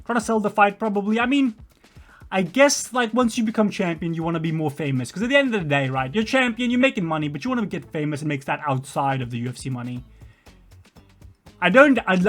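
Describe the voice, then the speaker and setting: A man's voice: high voice, fairly bright tone. A man giving a rambling, casual reaction commentary. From Australia. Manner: rambling, chatty. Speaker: reaction video host.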